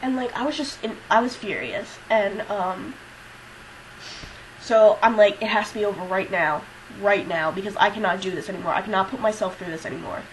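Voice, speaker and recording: A woman's voice: mid-range voice, fairly quick, slight background noise, low-quality recording. A young woman talking casually to her camera, rambling and self-deprecating with lots of fillers and swearing. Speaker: vlogger. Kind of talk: casual confessional vlog.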